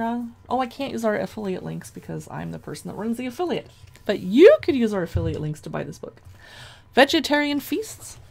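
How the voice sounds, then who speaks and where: Chatty woman with a gravelly voice. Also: medium pitch, a little mellow. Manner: chatty, gushing, reads dish names aloud. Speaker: cookbook reviewer. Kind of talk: casual cookbook flip-through.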